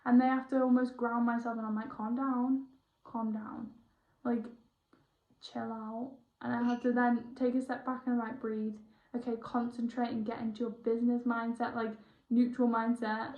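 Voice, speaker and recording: A young woman, a spiritual healer chatting excitably through a one-on-one session, rambling and correcting herself as she goes. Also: on the high side, normal speed. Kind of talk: casual one-on-one session chat. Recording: roomy, dull lo-fi sound.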